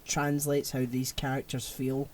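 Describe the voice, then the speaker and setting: A man's voice: medium pitch, monotone, a little slow, a little mellow. A man co-hosting a casual podcast chat, talking in a laid-back, hesitant way with fillers and teasing his co-host.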